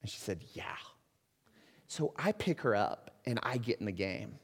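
A middle-aged man preaching a sermon as pastor, earnest and swinging between soft, confiding words and loud exhortation. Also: mid-range voice, very animated, a little slow, breathy edge. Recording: long hall reverb.

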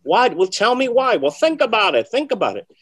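Man putting on an older mentor's voice, high-pitched, loud, gently scolding, patient teacher. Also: big pitch swings, heavily acted. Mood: chiding. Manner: raised, chiding, drawn-out voice.

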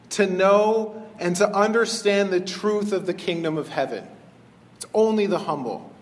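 High-voiced man preaching in a reverberant hall. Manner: animated, conversational, acts out voices in retellings. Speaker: pastor. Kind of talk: sermon.

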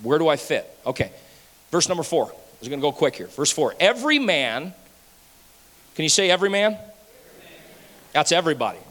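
Pastor mid-sermon, lively and rhyming, bright forceful tone, church hall echo. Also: male voice, a little high, a little fast, pauses often. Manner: animated, rhyming and playful, swings between loud and hushed. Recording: hall reverb.

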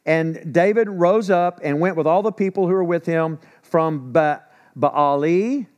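Male pastor, slightly high voice, animated sermon with sarcastic asides. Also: unhurried, clear, resonant tone. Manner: animated preaching, drops to quiet asides when telling stories; sarcastic humor.

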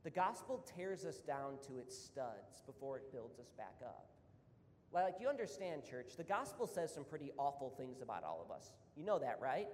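A man's voice: very animated, moderate pace, a little mellow. A man preaching a sermon as pastor, talking conversationally and then building to fervent emphasis. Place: church hall. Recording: roomy hall reverb, faint rumble.

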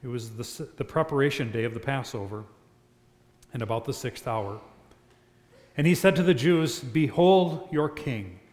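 Man reading scripture at vespers, slow n solemn, echoey church, long reverb. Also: medium pitch. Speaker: scripture reader.

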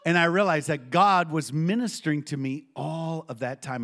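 Male preacher, slightly high voice, lively storytelling sermon delivery. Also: normal speed, hardly any pauses.

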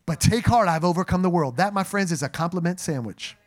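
A man preaching a sermon to a congregation, animated and joking as he speaks to them directly. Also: sits high, a little fast. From New Jersey. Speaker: pastor. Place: church sanctuary.

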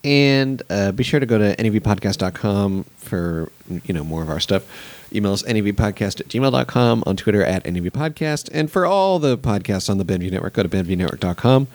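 A man's voice: on the low side, brisk, hardly any pauses, no echo. A man hosting a casual podcast, joking with his co-hosts and reading out plugs and segment cues. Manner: relaxed, jokey, reads plugs and segment cues. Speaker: podcast host.

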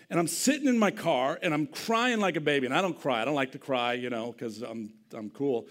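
Impassioned male preacher, whisper to shout. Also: medium pitch, a little fast, hardly any pauses. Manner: swings between hushed near-whispers and loud impassioned preaching; repeats words and restarts phrases in earnest bursts. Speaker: pastor. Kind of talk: sermon. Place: church sanctuary.

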